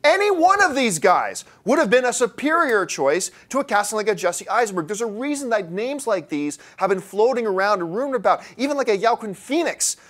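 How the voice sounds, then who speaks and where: A man's voice: high voice, sing-song, fairly quick, few pauses, fairly bright tone. A man arguing a mock courtroom case in a debate, theatrical and mocking, full of passion.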